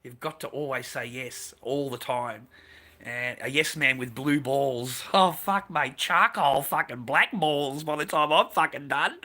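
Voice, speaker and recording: A man's voice: medium pitch, a little slow, pushed and bright. A man hosting a stream who talks in a crude, profane and rambling way. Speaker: streamer host.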